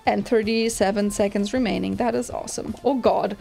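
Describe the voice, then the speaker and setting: A woman hosting a gaming channel, giving excitable let's-play commentary with lots of exclamations. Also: medium pitch, a little fast, creaky. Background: game music.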